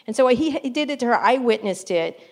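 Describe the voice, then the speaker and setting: A middle-aged woman journalist being interviewed, telling stories bluntly and with animation, laughing often. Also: fairly high pitch. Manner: blunt, animated, quick to laugh, mimics others in anecdotes. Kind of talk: casual storytelling interview.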